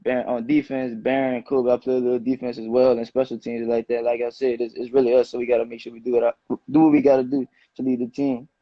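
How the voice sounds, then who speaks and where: A young man in his late teens, a high school football player, answering interview questions in a relaxed, slangy way. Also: fast, few pauses, no room sound. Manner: relaxed, loose slangy phrasing with many "you know"s. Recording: dull, muffled dry sound.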